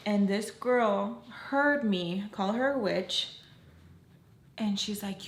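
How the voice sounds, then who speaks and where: A woman's voice: mid-range voice, a little slow. A young woman vlogger telling a story in a casual, chatty way, full of "like", and acting out the people she quotes. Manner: chatty, lots of "like", acts out quoted voices. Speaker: makeup artist and vlogger. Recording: echoey room with faint ambience.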